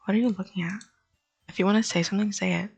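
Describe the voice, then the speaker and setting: A woman's voice: medium pitch, fairly even intonation, quick pace, creaky, a little mellow, slightly rough. A woman voicing a small, sour-tempered teenage girl, reading her lines in a blunt, snappy way. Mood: irritated.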